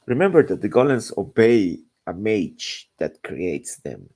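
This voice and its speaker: A man's voice: fairly low pitch, very animated, measured pace, darkish tone. A man chatting casually while drawing, rambling and searching for words. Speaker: artist narrating his drawing.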